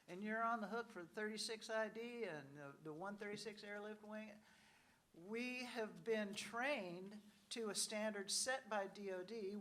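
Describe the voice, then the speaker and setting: A woman speaking on a conference panel in a relaxed, conversational way. She often adds "you know" and drops into short acted-out voices for quoted officials. Her voice sits at a middle pitch for a woman. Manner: frequent "you know" asides. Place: conference hall.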